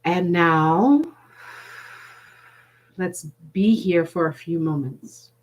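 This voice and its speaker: Woman leading a guided meditation, lowish voice, calm and slow with some cheeky asides. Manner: gentle and unhurried, with playful, sassy asides. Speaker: workshop facilitator.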